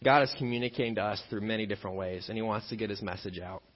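A man preaching a sermon as pastor, an animated storyteller who acts out scenes and jokes along the way. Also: lowish voice, racing, big-room sound. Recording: dull lo-fi sermon recording.

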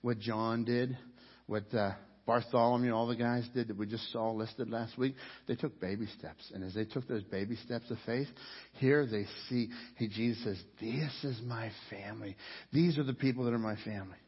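A man preaching a sermon with great passion, rising to loud cries as he voices people's complaints to God. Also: medium pitch, steady tone, normal speed, breathy edge. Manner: impassioned preaching, rising to near shouts when voicing complaints to God. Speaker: pastor. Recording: dull sound with long hall reverb.

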